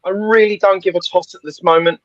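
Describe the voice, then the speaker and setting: A man's voice: high-pitched, fairly even intonation, brisk, a bit bright, dry recording, lo-fi sound. A man giving blunt opinions in a casual football podcast chat, laughing often. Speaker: podcast panelist.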